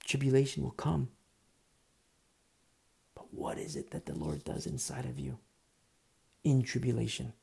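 A pastor delivers a sermon in an earnest, conversational way. His voice is heavily gravelly with a husky, mellow edge. He sometimes drops to a low, hushed tone to press a point. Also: very animated, unhurried, pauses often. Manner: earnest, conversational preaching, drops to a whisper at times.

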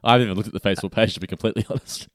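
A man's voice: lowish voice, very fast, dry recording, clean studio sound. A man co-hosting a podcast in casual chat, joking and laughing often. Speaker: podcast co-host.

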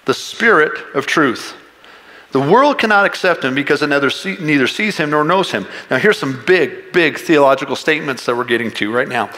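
A man preaching a sermon as pastor, animated and rising to shouts to stress a point. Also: a little high. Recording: long reverb of a large hall.

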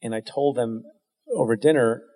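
A man's voice: medium pitch, fairly even intonation, normal speed, mellow. Wry middle-aged man telling stories in a reverberant hall. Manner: wry, self-deprecating, frequent restarts. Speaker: guest answering an interviewer's question. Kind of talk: candid storytelling, conversational.

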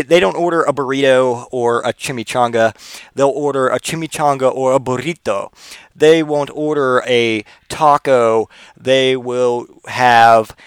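A man's voice: medium pitch, fairly bright tone, no room sound. A man hosting a comedy podcast, delivering a rambling, profane, digressive monologue. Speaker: podcast host.

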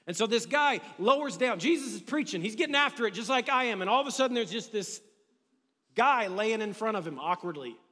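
A male pastor preaching a sermon in an energetic, conversational way, with humor. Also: sits high, brisk. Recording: long reverb of a large hall.

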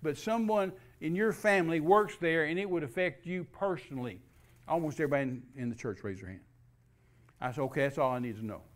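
A man preaching a sermon, telling a story with animated delivery that rises to loud calls. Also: a little high, fairly quick.

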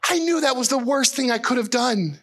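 A middle-aged man preaching a sermon as pastor, earnest and emotional, his voice climbing high as he is moved. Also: lively intonation, fairly quick, fairly bright tone.

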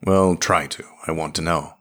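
A man's voice: a bass voice, fairly even intonation, normal speed, fairly bright tone, soft background music. A man voicing a blunt, tough male spacefarer who asks plain, direct questions. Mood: curious.

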